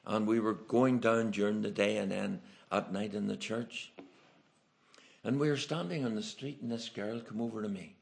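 A man's voice: on the low side, fairly even intonation, normal speed, gravelly. A man with an Irish accent preaching a sermon, telling folksy, humorous stories from his travels. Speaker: evangelist preacher. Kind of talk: storytelling sermon.

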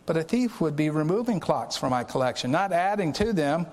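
A man's voice: fairly high pitch, lively intonation, a little fast, darkish tone, big-room sound, close to an everyday voice. A man playing an alarmed little clock collector. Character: anxious rotund little male clock collector.

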